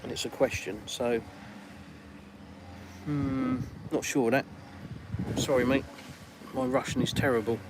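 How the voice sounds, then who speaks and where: A man's voice: medium pitch, steady tone, unhurried, pauses often, noisy background. Englishman chatting live from a garden. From England. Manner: rambling, reads chat comments aloud, colloquial. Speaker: live-stream host. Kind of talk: casual live-stream chat. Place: outdoors in a garden.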